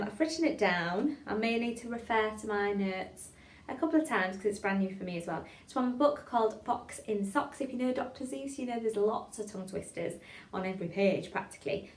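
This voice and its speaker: Encouraging voice coach, woman, speaks phrases slow and crisp for students, echoey room. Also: mid-range voice. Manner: encouraging, models phrases slowly and clearly. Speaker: voice and drama teacher. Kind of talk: online voice warm-up lesson.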